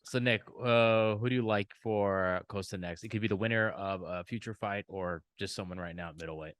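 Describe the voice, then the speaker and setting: A man co-hosting a podcast, cracking jokes and pushing the chat forward with questions. His voice is lowish and sounds dry and close to the mic. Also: fairly quick, fairly bright tone, smooth, no echo. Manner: joking, steers topics with questions. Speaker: podcast co-host. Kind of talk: casual sports chat.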